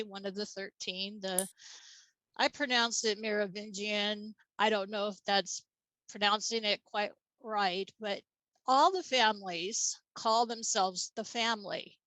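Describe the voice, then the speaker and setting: A woman's voice: medium pitch, sharp tone, no echo, poor audio. A woman guest in a casual interview, telling her story in a matter-of-fact way with light laughs.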